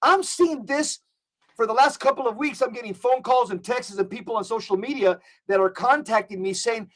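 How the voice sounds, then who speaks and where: Fervent high-voiced man. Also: normal speed, a bit bright. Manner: fervent, preachy, rattles off lists. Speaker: guest commentator. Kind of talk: impassioned political commentary.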